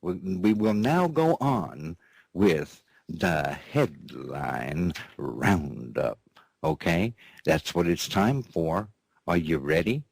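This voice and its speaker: Deep drawling folksy man. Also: animated, slow, gravelly, a little mellow, dry recording. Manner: drawling, repeats "that's right", chuckles between phrases; playful cowboy-style banter with an off-mic partner. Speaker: host of a news and commentary show. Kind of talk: folksy comic monologue.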